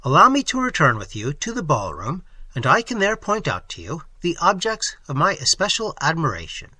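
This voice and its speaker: A polished young gentleman, courteous and smooth but with an edge of command, as a male reader puts him on. The voice sits a little higher than the reader's own and moves with lively, bright inflection. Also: moderate pace, dry recording, heavily acted. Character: suave gallant young gentleman stranger.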